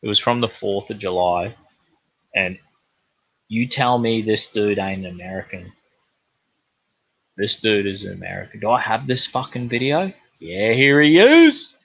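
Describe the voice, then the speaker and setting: A man's voice: on the low side, moderate pace, creaky, pauses often, fairly bright tone, breathy edge, no room sound. A young man, hosting a podcast and rambling casually with plenty of swearing. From New Zealand. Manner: rambling, profane, laid-back. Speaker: podcast host. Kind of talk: casual monologue. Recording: dull, lo-fi, dry sound.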